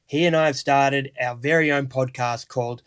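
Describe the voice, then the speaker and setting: A man's voice: medium pitch, normal speed, smooth. A young Australian man casually telling a story on his vlog, acting out the lines of the people he met. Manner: animated, retells dialogue in quotes. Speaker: vlogger.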